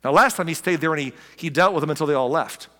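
A pastor giving a conversational, animated sermon, joking and acting out the people he quotes. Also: fairly high pitch, quick pace. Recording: long hall reverb.

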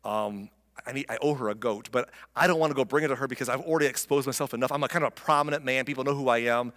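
A man voicing a proud, self-serving patriarch who covers his own wrongs and booms with false outrage. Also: very animated, moderate pace, fairly bright tone, big-room sound. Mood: sheepish, hushed.

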